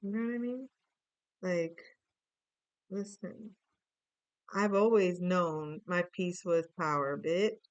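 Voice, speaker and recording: A woman's voice: on the low side, steady tone, slow pace, long pauses, clean tone, no echo, highs cut off. A woman giving a casual tarot reading, playful and musing aloud with chatty asides. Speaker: tarot reader.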